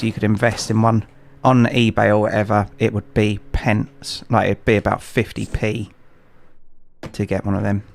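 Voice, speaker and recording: A man's voice: on the low side, creaky, a little hiss or hum. A man streaming a game from home, chatting casually to his viewers in a rambling, hesitant way with lots of filler words, on a streaming microphone. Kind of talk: casual live-stream chat while gaming.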